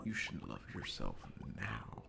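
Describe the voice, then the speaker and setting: A man's voice: a bass voice, huge pitch swings, a little slow, vocal fry. A man giving casual gameplay commentary, rambling and swearing with amusement at his own jokes. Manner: rambling, profane, self-amused. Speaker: gaming streamer. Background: game music.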